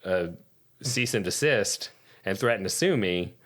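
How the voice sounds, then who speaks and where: A man who is a podcast guest, telling a long anecdote in casual, lively style and cursing freely. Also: lowish voice, unhurried. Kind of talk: casual storytelling.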